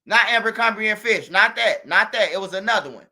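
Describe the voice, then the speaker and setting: A man's voice: sits high, fairly quick. A man telling a street story to his viewers in a casual, slangy, profane way, talking straight at them. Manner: animated, slangy, profane, addresses viewers directly, imitates gunshots. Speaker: street news commentator.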